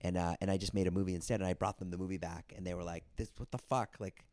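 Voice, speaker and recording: A man's voice: low-pitched, flat delivery, rapid-fire, darkish tone. A man talking as a guest, telling rambling stories in casual chat and acting out what other people said. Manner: rambling, quotes people in put-on voices. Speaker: podcast guest, comedian and filmmaker. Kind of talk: casual storytelling.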